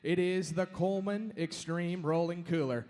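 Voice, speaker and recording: A man's voice: fairly even intonation, moderate pace, darkish tone. A man from Washington state competing as an auctioneer, introducing his items politely and then calling bids in a rolling chant. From Washington state, USA. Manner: polite pitch, then rolling bid calls. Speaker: auctioneer contestant.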